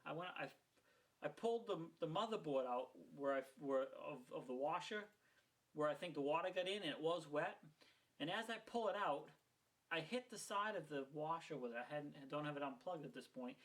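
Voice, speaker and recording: Man, middle-aged, from Maine, storytelling, heated, swearing, slightly high-pitched. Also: fairly bright tone, rough recording. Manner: heated, swearing, rambling retelling. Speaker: home repair vlogger. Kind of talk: casual storytelling.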